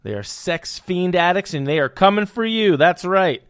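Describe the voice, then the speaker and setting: A man's voice: high voice, lively intonation, moderate pace, a bit bright, clean tone, no room sound, clean studio sound. A young man hosting a podcast, riffing on news with puns and hyped, jokey asides. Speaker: podcast host. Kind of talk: comedic news commentary.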